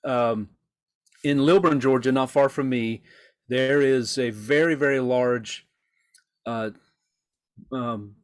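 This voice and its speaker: A man on a political podcast tells a winding story, stopping now and then to poke fun at himself. His voice sits at an ordinary middle pitch and he keeps the delivery loose and conversational. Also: takes it slowly, long pauses. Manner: rambling anecdotes, self-deprecating asides. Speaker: podcast co-host. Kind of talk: casual political chat.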